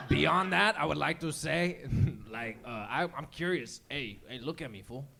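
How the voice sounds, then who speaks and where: A man who is a regular on a comedy show, heckling from the side with laughing, gravelly remarks. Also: on the high side, takes it slowly, bright, forceful tone.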